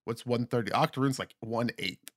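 A man's voice: mid-range voice, moderate pace, no echo, clean studio sound. A man chatting casually on a comedy podcast, rambling and acting out the voices of people he mocks.

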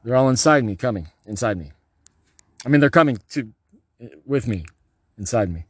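A man giving a rambling, erratic, profane monologue, swinging between low muttering and loud outbursts. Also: lively intonation, moderate pace, long pauses, husky, dry recording.

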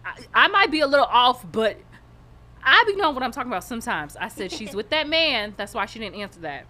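A woman's voice: a little high, big pitch swings, fast talker, sharp tone. A woman co-hosting a podcast, ranting bluntly in a casual chat with plenty of swearing. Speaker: podcast co-host.

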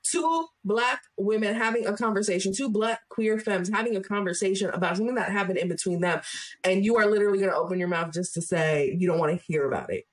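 Female podcast co-host, mid-pitched, animated and opinionated. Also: fast. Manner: animated, heated retelling with quoted voices. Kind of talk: casual chat.

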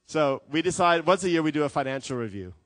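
A man preaching a sermon as a pastor, telling stories with lively acted quotes. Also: a little high, fast talker, dry recording. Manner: animated storytelling with acted quotes.

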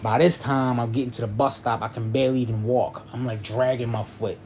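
A man's voice: mid-range voice, fairly even intonation, fairly quick, darkish tone, slight background noise. A young man casually telling a personal story in a loose, rambling way, often checking in with the listener. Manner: loose, rambling, repeats "you feel me".

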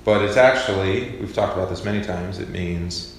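A man teaching a Bible study class in a relaxed, conversational way, with many fillers. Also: low voice, normal speed, a little hiss or hum. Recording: echoey hall with faint ambience.

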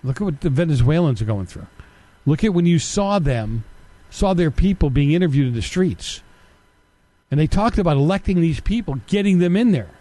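A middle-aged man delivers a combative political monologue, peppered with sarcastic rhetorical questions. His voice sits a little high yet mellow, and it rises and falls in lively swings. The sound is dry and close, with no room around it. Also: moderate pace, no echo. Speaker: political commentary host. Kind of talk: opinionated monologue.

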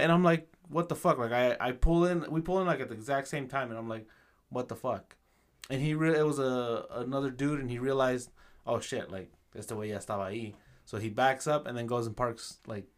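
A man co-hosting a podcast in casual chat, cursing freely and mixing into as he tells stories. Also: a little high. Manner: profane, animated storytelling. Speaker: podcast co-host.

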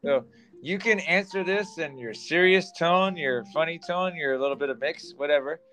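A man's voice: fairly high pitch, moderate pace, bright, forceful tone, faint music behind. A man co-hosting a podcast in a loose, chatty way, laughing often. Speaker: podcast co-host. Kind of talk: casual chat.

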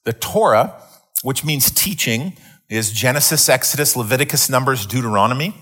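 A middle-aged male pastor delivering a sermon in a voice of ordinary pitch. He tells stories in a loose, rambling way, full of restarts and repeated words. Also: expressive, normal speed, fairly bright tone, husky. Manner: rambling storyteller with many restarts. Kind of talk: sermon teaching.

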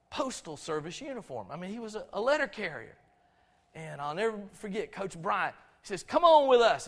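A man's voice: on the high side, fairly bright tone. A middle-aged man from Georgia with a Southern accent, preaching a storytelling sermon in a folksy, conversational way, often restarting his sentences. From Albany, Georgia, USA. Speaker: pastor. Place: church sanctuary. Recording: long reverb of a church sanctuary.

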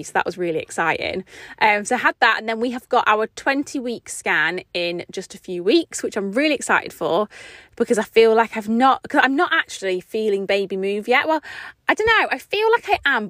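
A woman's voice: fairly high pitch, expressive, brisk, fairly bright tone, no echo, clean studio sound. A young woman hosting a podcast, chatting on and rambling with lots of fillers, a little short of breath. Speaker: podcast host. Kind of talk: casual solo podcast chat.

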